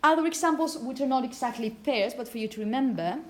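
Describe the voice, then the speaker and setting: A woman teaching phonetics to a class, repeating example words slowly and checking understanding with frequent "okay?". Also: sits high. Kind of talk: classroom lecture.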